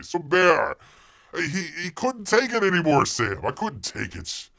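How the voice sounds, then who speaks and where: A man's voice: on the high side, wildly swooping pitch, a little slow, creaky, pushed and bright. A man hosting a casual livestream, telling a rambling story with many fillers and restarts. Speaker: livestream host.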